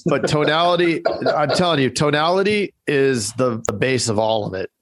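A man's voice: mid-range voice, lively intonation, normal speed, no echo. A man co-hosting a podcast, chatting enthusiastically and wrapping up the show. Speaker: co-host. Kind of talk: casual podcast chat.

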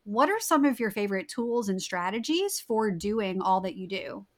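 A woman hosting an interview, encouraging her guest and asking questions in an unhurried way. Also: mid-range voice, very animated. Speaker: podcast host.

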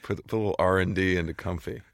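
A man's voice: sits low, steady tone, fast, noisy background. A middle-aged American man from St. Louis, chatting as a podcast guest with dry, wry jokes. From St. Louis, Missouri, USA. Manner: dry, joking, wry asides. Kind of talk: casual interview chat.

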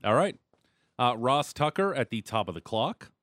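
A man's voice: medium pitch, very animated, normal speed, a bit bright, no echo, clean studio sound. A man hosting a sports radio show, bantering casually and reading listener texts. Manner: joking, reads texts and ad reads. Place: radio studio.

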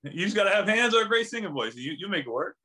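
A man co-hosting a podcast, animated and laughing at his own slip-ups. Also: sits high, quick pace. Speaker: podcast co-host. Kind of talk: casual banter.

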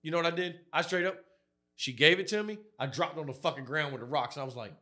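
A man with a fairly high voice talks fast as a podcast co-host in a crude, casual chat. His work stories are profane, and he acts out quoted people at high volume.

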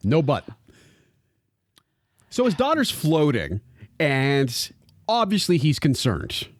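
A man's voice: a little high, wildly swooping pitch, slow, no echo. Sex: man. Role: podcast co-host. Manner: wry, dry quips. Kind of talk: casual chat.

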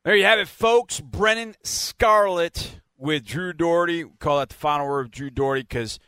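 A man's voice: a little high, moderate pace, bright, forceful tone, smooth, no echo. A man hosting a team podcast, wrapping up in a chatty, rambling way with laughs. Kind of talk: casual radio-style sign-off.

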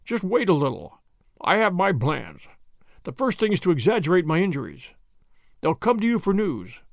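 A man voicing an injured, weakened male detective who mutters hoarsely, calm and scheming. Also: high voice, normal speed, no echo, clean studio sound, exaggerated voice. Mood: weak, wry.

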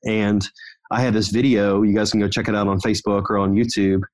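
Man, low voice, podcast guest, energetic motivational storyteller, casual conversation. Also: fairly quick. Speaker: guest, company founder.

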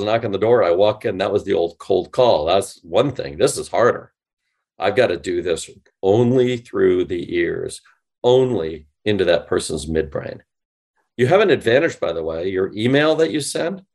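A man being interviewed on a podcast, explaining with animated, demonstrative delivery and acting out example phone lines. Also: on the low side, slightly rough. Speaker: guest, sales company CEO.

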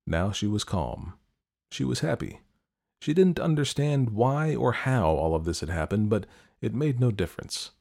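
A man hosting a podcast, reading stories aloud in calm, measured scripted narration. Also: lowish voice, vocal fry. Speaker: podcast host and story narrator.

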